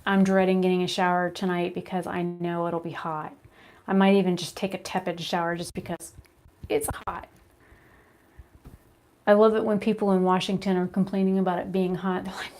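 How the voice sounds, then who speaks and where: A woman chatting to a phone camera at home, rambling and animated as she tells stories between makeup steps. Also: medium pitch, moderate pace. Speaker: beauty vlogger. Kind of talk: casual chat while doing makeup. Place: her home, indoors. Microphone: phone camera at arm's length.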